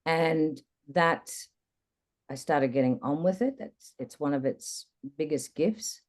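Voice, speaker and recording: A woman guest in an interview, candidly recounting a personal experience in a reflective, lively way. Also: low-pitched. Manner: candid, reflective, animated retelling. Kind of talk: personal storytelling in conversation.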